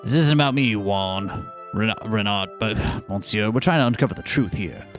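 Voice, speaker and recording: A man's voice: on the low side, normal speed, soft background music, close to an everyday voice. A man voicing a stern male bird defense attorney in a game, with formal, bluffing legal talk. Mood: probing.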